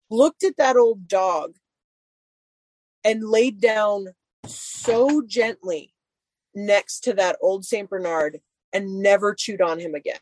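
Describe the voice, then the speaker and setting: A woman's voice: medium pitch, a little mellow, no echo. A woman chatting casually and telling a long story about her dogs, full of "like" fillers. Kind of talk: casual chat.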